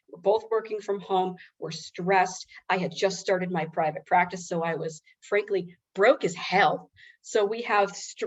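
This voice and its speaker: A woman presenting in a webinar, telling a personal story in a candid, self-mocking, conversational way. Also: medium pitch. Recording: slightly dull lo-fi webinar audio.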